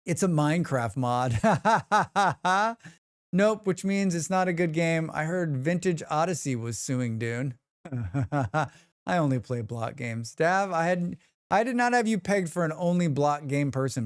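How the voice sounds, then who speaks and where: A man's voice: fairly high pitch, smooth, dry recording, studio quality. A man streaming live, chatting casually and joking with his chat. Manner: rambling, joking, reacts to chat.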